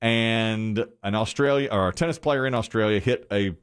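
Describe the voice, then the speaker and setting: A man's voice: fairly low pitch, normal speed, smooth. A man hosting a radio show, telling a story in casual banter, mock-indignant and laughing often.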